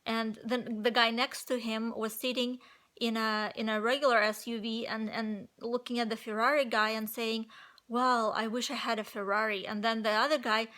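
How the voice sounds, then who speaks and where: A woman's voice: fairly high pitch, little pitch movement, moderate pace, sharp tone. Nasal-voiced woman vlogging about positivity. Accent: non-native English accent. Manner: rambling, many fillers and restarts. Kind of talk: casual motivational talk to camera.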